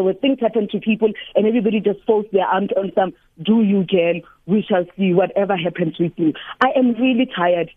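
A woman's voice: medium pitch, slightly rough, no echo. A woman, a sports reporter calling in to a radio interview and talking emphatically and emotionally, repeating herself for stress. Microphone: telephone. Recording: dry tinny phone line.

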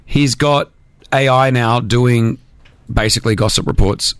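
A man hosting a radio show in a studio, loud, teasing and jokey in banter with co-hosts and callers. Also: medium pitch, fairly even intonation, measured pace, slight background noise. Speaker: radio host. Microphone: studio microphone.

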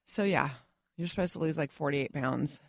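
A woman's voice: low voice, moderate pace, vocal fry, dry recording. A woman guest chatting casually and wryly in a radio booth, close to a studio microphone. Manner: wry, self-deprecating. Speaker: guest, game show host.

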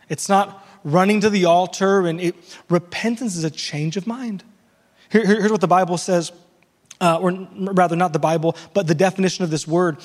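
A man's voice: high voice, long reverb tail. A man preaching a conversational sermon as pastor, with frequent restarts and playful asides.

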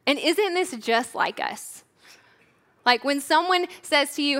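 A young woman giving a sermon in a relaxed, chatty way, often saying "like". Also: sits high, slow pace. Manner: casual, chatty, says "like" often. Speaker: church leader preaching. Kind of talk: conversational sermon.

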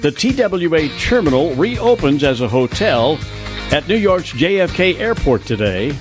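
A man's voice: on the high side, sing-song, unhurried, music in the background. A man hosting a local morning radio news show, reading headlines and chatting with guests in a conversational way. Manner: conversational, with small fillers.

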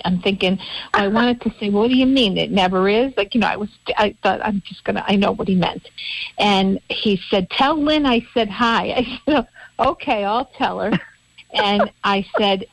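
A woman's voice: mid-range voice, creaky, husky, no room sound. A woman co-hosting a local radio talk show, telling a rambling story with many restarts. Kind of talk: casual radio chat. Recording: dry, dull-sounding radio studio audio.

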